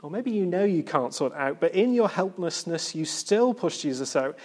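A man preaching a sermon in an earnest, reflective way, with pauses and gentle emphasis. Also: on the high side, expressive.

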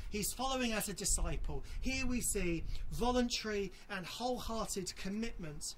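A preacher giving an earnest sermon, appealing directly to listeners and slowing down to repeat key phrases for emphasis. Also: medium pitch, slight background noise.

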